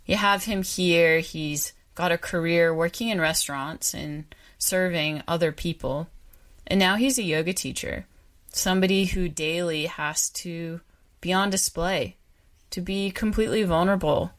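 A woman's voice: lowish voice, a little slow. A woman hosting a podcast, narrating and commenting with reflective, wry asides. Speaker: podcast host.

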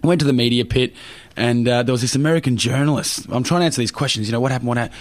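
A man's voice: mid-range voice, very fast, no room sound. A young Australian man, a Paralympic swimmer, telling cheeky anecdotes in a casual interview, with lots of fillers. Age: young adult.

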